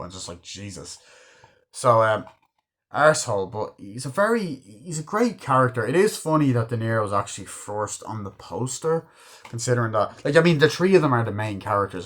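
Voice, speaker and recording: A man's voice: fairly low pitch, very animated, normal speed, a bit bright. A man giving a casual film review. He swears freely, rambles and acts out quoted lines in put-on voices.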